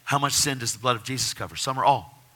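A man giving an animated personal faith testimony, telling his story with excitement. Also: medium pitch, fast talker, slight background noise. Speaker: testimony speaker.

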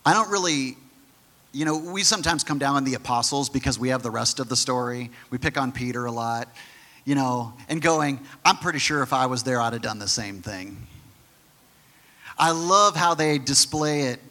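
A man's voice: medium pitch, pushed and bright. A man preaching a sermon as a pastor, teaching in a conversational way with frequent restarts. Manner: acts out the quoted figures in his own voice.

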